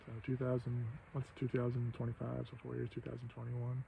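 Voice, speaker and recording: A man in his fifties from Maine, talking in a rambling, profane casual monologue with loud bursts of emphasis. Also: mid-range voice, monotone, brisk, vocal fry, lo-fi sound, noisy background. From Maine, USA. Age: 50s. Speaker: host.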